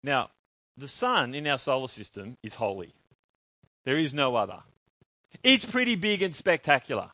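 A man preaching a sermon, in an animated way, asking his congregation questions and answering them himself. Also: mid-range voice, moderate pace, pauses often, dry recording.

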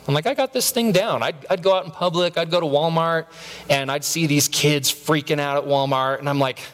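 A man's voice: on the high side, flat delivery, brisk, a bit bright. A man in his thirties preaching a sermon, telling stories with self-mocking humor and stammered repeats. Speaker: pastor. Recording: long reverb of a large hall.

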